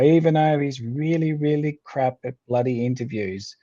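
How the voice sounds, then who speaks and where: An Australian man co-hosting a casual sports podcast, jokey and laughing often, with relaxed slang. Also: mid-range voice, normal speed, hardly any pauses. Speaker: podcast co-host. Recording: slightly dull lo-fi sound.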